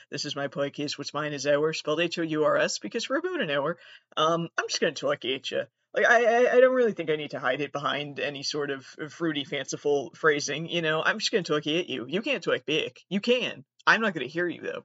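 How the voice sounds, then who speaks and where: A woman's voice: deep voice, a bit bright, no echo. A young woman in her twenties rambles through a solo podcast monologue, swearing freely and poking fun at herself. She sits close to the mic, and the sound is dry, a bit dull, with no room around it. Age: 20s. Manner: rambling, profane, self-deprecating. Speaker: podcast host and comedian.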